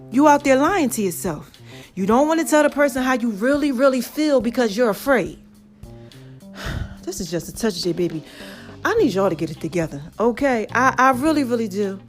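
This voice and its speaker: Chatty high-voiced woman podcast host. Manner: chatty, addresses listeners directly as "baby" and "y'all". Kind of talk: casual storytelling monologue.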